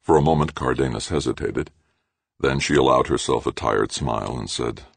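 A man narrating an audiobook in a measured, expressive way. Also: extremely low pitch, vocal fry, slightly rough, no room sound. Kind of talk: scripted narration.

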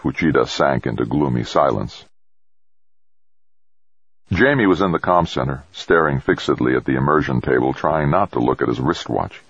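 A man narrating an audiobook in a measured, even storytelling manner. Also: rumbling low, breathy edge, no room sound, lo-fi sound. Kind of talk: scripted narration.

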